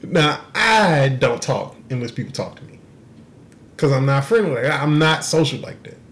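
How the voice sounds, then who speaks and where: A young man on a podcast, telling a story in an animated, profane way and laughing through the punchlines. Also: mid-range voice, moderate pace. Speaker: podcast co-host. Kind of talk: casual storytelling.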